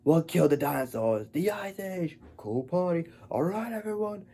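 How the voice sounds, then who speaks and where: A man playing a gruff adult male ice villain who spouts cheesy puns in a hammy way. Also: on the high side, expressive, moderate pace, mellow, voice pushed up. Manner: punning, hammy delivery.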